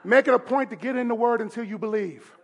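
High-voiced male pastor, emphatic preaching. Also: fast talker, gravelly, breathy edge. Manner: emphatic, rises to shouting, call-and-response. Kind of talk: sermon. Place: church service.

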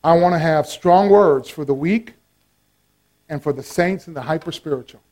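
A man preaching a sermon with passion, repeating key lines and swinging between shouts and hushed tones. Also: a little high, moderate pace.

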